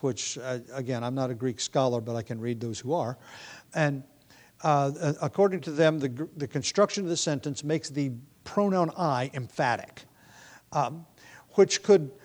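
A Bible teacher with a medium-pitched, somewhat dark voice gives an expository lesson. He thinks aloud thoughtfully, correcting himself with many restarts and fillers.

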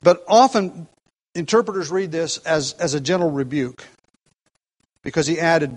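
A man's voice: a little high, unhurried, pauses often, rough recording. Earnest man preaching with emphasis. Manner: earnest, emphatic, with frequent restarts and varied pace. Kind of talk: expository sermon.

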